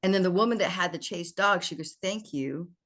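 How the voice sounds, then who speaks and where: A woman guest on a podcast, telling lively stories in casual chat and acting out what people said. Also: lowish voice, brisk. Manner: animated storyteller who acts out dialogue.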